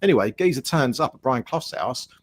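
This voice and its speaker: Man, podcast co-host, husky, fast, animated pitch, chatty. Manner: quick, chatty, laughs easily. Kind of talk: casual chat.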